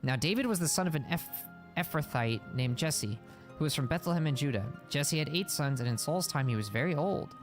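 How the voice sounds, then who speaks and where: A man's voice: on the high side, animated, fairly quick, soft background music. A man reading a Bible passage aloud on a stream and stopping to explain it in casual words.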